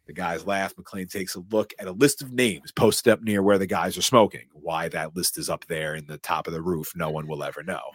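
Guy on a podcast walking through a movie, kinda low voice, acts out the lines, swears a bit, dry close mic. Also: fairly quick, few pauses, no room sound. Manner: animated storyteller, acts out quotes and swears casually. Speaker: podcast co-host recapping a film. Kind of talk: casual chat, scene-by-scene recap.

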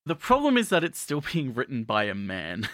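A man's voice: medium pitch, huge pitch swings, normal speed, a bit bright, no room sound, clean studio sound. A man co-hosting a casual podcast, talking in a hesitant, wry way with lots of ums and uhs. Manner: hesitant, filler-heavy, wry. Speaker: podcast co-host.

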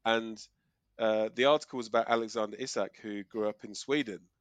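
A man's voice: fairly low pitch, steady tone, a little fast, no room sound. A middle-aged man from Kent with a South East English accent, chatting casually and rambling through a story with fillers and restarts. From Kent, South East England. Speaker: podcast co-host. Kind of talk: casual chat. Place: living in Australia.

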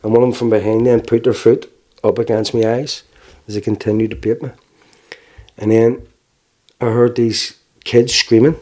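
A man with a Belfast accent giving a halting, plainspoken personal account, with restarts and wry laughs. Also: mid-range voice, level tone, mellow. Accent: Northern Irish, Belfast. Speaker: interviewee. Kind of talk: personal testimony.

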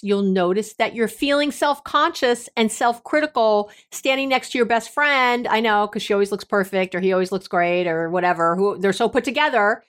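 Woman, middle-aged, podcast host, emphatic, playfully bossy, casual monologue. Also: fairly high pitch.

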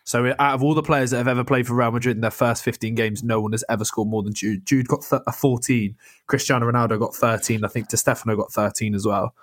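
Animated young man, dry close mic. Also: medium pitch, fast talker, dry recording. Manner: animated, swears, laughs often. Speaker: podcast co-host. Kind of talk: casual football chat.

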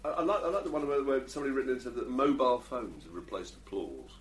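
A man hosting a radio chat show, telling anecdotes in an animated way and laughing at his own stories. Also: medium pitch, very fast, slight background noise. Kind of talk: casual studio chat.

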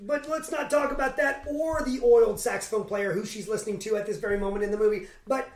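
Co-hosting a casual movie recap podcast, a woman talks fast in a fairly high, slightly mellow voice with fairly even intonation. The recording has a roomy echo, and she's sarcastic and jokey, often putting on mock voices.

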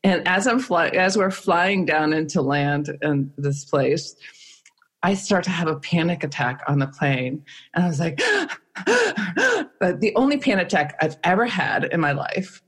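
A woman's voice: low-pitched, moderate pace, slightly rough. A middle-aged woman telling a frank personal story in casual conversation, self-mocking and acting out what people said. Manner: frank, self-mocking, with frequent laughs and acted-out quotes.

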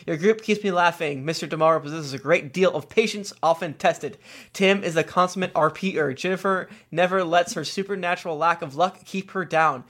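A man's voice: a little high, a little fast, fairly bright tone. Joking man reading reviews aloud. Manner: jokey, stumbling, laughing asides. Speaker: podcast co-host reading listener reviews. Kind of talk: casual chat.

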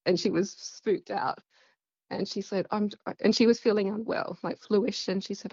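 A woman's voice: mid-range voice, fairly even intonation, normal speed, warm tone, slightly rough, dry recording, highs cut off. A woman with an Australian accent, telling a personal story in a casual, rambling way full of fillers. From central west Queensland, Australia. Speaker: guest.

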